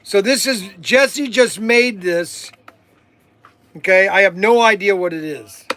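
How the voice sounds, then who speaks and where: A middle-aged man with a high voice hosts a casual live stream from his shop. He talks slowly and playfully, laughing and exclaiming as he tastes food. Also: fairly bright tone.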